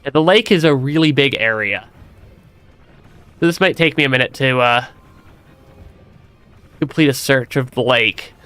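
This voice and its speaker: A man's voice: medium pitch, measured pace, long pauses, a bit bright, smooth, dry recording, faint music behind. A man streaming a game with a stuffy nose, chatting casually, laughing often and restarting his sentences. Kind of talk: casual gameplay commentary.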